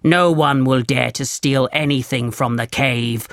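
A stern, angry leader of thieves barking orders, as a storybook reader puts him on. The voice is gravelly and unhurried, each command laid down slowly. It sits close and dry, with no room around it. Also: medium pitch, fairly even intonation, no room sound, lightly acted. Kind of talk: storybook reading.

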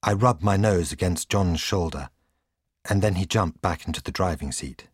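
A man's voice: fairly low pitch, slightly rough, no echo, clean studio sound. A man reading a children's storybook aloud as a scripted narration. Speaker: audiobook reader.

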